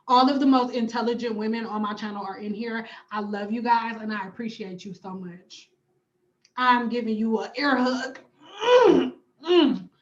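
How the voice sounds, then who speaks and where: A woman's voice: a little high, muffled recording. A woman, hosting a casual hair-care livestream from home and reading viewer comments, sassy, emphatic and profane. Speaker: hair stylist and cosmetologist vlogger.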